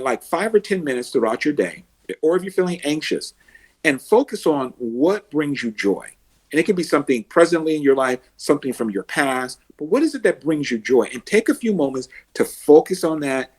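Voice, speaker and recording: A man working as an emotional success coach, a podcast guest who tells animated stories and acts out the people he coaches. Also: medium pitch, slightly rough. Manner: animated storyteller, acts out quotes and heroic laughs.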